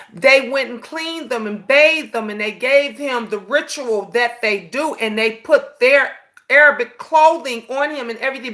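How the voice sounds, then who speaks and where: A woman in her fifties hosting a casual live-stream chat, telling stories animatedly and calling listeners "honey.". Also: sits high. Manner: animated storytelling, sassy, says "honey" often. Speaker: host.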